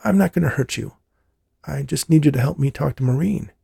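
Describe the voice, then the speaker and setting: A man's voice: a little high, animated, a little fast, gravelly, dark tone, husky, no echo, clean studio sound, pitched above the performer's own voice, full character voice. A male narrator playing a grieving bank robber who speaks in an earnest, pleading way.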